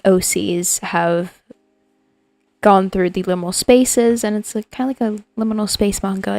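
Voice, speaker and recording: A woman's voice: medium pitch, vocal fry, a little mellow, no room sound. A woman streaming as a digital artist, chatting casually and playfully with her viewers in a rambling way. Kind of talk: casual livestream chat with viewers.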